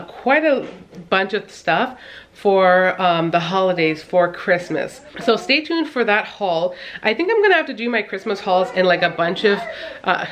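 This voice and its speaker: A mom vlogger in her thirties speaks in a mid-range, slightly bright voice, chatting casually to her viewers. She rambles with lots of fillers and little laughs and sounds out of breath.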